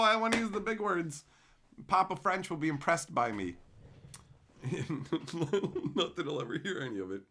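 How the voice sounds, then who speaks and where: A man's voice: high-pitched, pushed and bright. A middle-aged man from Canada hosting a casual livestream, ranting with heavy profanity and mocking silly voices. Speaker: livestream host.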